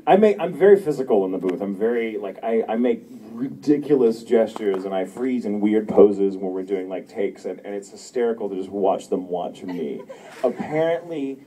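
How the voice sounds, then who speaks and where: Man, voice actor, convention Q&A, animated storyteller, distant mic, faint room noise. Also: lowish voice, moderate pace. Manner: animated, laughs often, acts out quotes. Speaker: voice actor at a fan panel.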